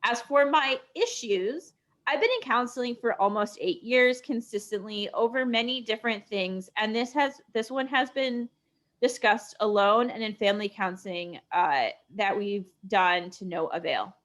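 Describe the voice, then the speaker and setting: A woman co-hosting a podcast, reading a story aloud in an even, steady way. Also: fairly high pitch, normal speed. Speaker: podcast co-host.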